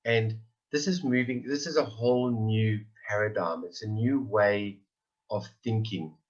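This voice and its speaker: A man's voice: on the low side, unhurried, lo-fi sound. A man in his forties giving an earnest personal testimony, repeating phrases for emphasis. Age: 40s. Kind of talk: emotional personal testimony on a call.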